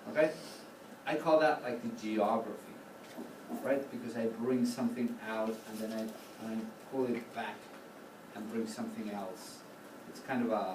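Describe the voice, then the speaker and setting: A man teaching choral conducting in a classroom, coaching students with a steady run of questions. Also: on the low side. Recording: roomy, distant, noisy classroom recording.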